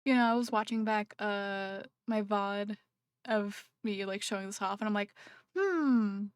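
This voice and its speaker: A woman's voice: medium pitch, little pitch movement, normal speed, clean tone, no room sound, studio quality. A woman streaming live and chatting casually into her computer microphone, rambling and self-conscious, with lots of fillers and restarts.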